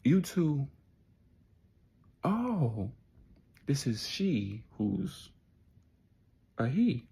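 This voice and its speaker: A man voicing a brash, challenging young man in a story he tells, speaking loudly in a raised voice. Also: fairly high pitch, big pitch swings, very slow, vocal fry, long pauses, breathy edge, pitched above the performer's own voice, heavily acted. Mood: confrontational.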